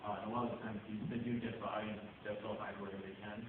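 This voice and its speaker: Low-voiced man explaining, heard through noise. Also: flat delivery, racing, phone-quality sound. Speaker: panelist. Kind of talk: panel talk. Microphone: audience member's cell phone. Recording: echoey hall on a phone from far off.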